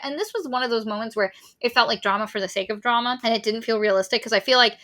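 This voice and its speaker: A woman co-hosting a podcast, casually recapping a novel in an animated, sweary way and briefly voicing the characters. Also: on the high side, fast talker, few pauses. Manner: animated, sweary, acts out characters mid-summary. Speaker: podcast co-host. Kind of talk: casual book recap chat.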